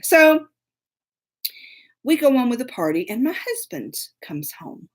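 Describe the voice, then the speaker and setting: A middle-aged woman telling a comic story, animated and dramatic, acting out the scenes. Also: high voice, measured pace. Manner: animated, dramatic, acts out scenes with whispers and sound effects. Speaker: storyteller host.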